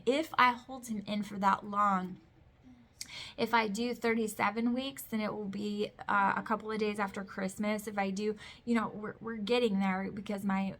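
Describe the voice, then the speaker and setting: A woman in her thirties talks straight to her viewers in a relaxed home vlog. Her talk is chatty and candid, with plenty of fillers and restarts, and her pitch sits in an ordinary middle range. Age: 30s. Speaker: vlogger. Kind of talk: casual pregnancy update vlog. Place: home with kids heard in the background.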